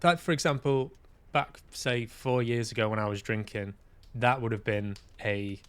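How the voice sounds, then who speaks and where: A man's voice: mid-range voice, normal speed, clear, resonant tone. A man hosting a podcast, talking candidly in a casual, reflective monologue, self-deprecating and swearing now and then. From Manchester, UK. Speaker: podcast host and actor.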